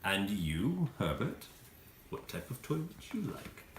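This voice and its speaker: Male game master, casual and animated narration; roomy echo, faint noise. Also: fairly low pitch, a little slow. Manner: animated, laughing through narration. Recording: echoey room, faint noise.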